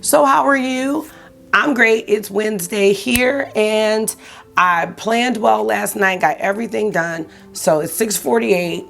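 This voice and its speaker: A woman's voice: mid-range voice, takes it slowly, creaky, music in the background. A woman in her forties, a beauty vlogger, chatting casually while getting ready, with a morning voice and a friendly way of saying "y'all". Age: 40s. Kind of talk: casual get-ready-with-me chat.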